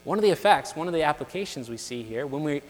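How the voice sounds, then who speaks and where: A man preaching a sermon in an earnest, measured way, building his points through repeated phrases. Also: a little high, animated, soft background music. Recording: long reverb of a large hall.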